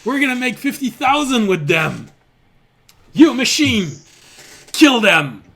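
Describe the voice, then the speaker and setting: A man voicing a gang of cruel, jeering male rogue bandits who shout and taunt. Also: very high voice, very animated, slow pace, slightly rough, pitched above the performer's own voice, heavily acted. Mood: gleeful shouting.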